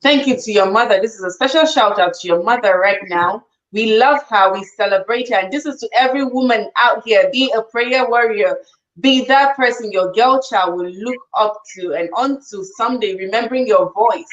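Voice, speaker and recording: A woman's voice: fairly high pitch, moderate pace, fairly bright tone, dull audio. A woman hosting a live online show, effusively thanking and blessing her guest and reading out audience questions. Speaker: host.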